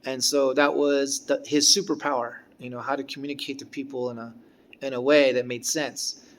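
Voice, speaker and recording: A man telling a casual personal story about a former guitar teacher, halting and restarting as he goes. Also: mid-range voice, little pitch movement. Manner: rambling, halting, with frequent restarts.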